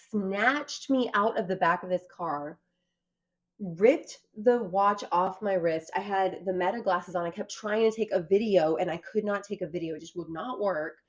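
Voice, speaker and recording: Woman, mid-pitch, telling a personal story in an interview, earnest and animated. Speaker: guest recounting an arrest. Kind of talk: personal account in a conversation.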